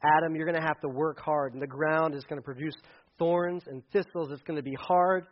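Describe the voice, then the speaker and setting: High-voiced preacher, casual sermon. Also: male voice, fairly quick, highs cut off. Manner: animated, acts out quotes, conversational asides. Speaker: pastor.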